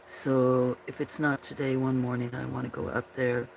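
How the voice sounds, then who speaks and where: A woman's voice: a bass voice, little pitch movement, normal speed, vocal fry, slight background noise. A woman hosting a casual livestream, chatting with viewers in a rambling way and often breaking into giggles. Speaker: livestream host.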